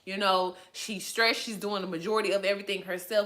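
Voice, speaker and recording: A woman vlogger talks through her reaction to a TV episode, emphatic and slangy. Her voice is bright and forward, sitting at an everyday middle pitch for a woman. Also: fairly quick. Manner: animated, emphatic, uses slang. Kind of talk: casual reaction commentary.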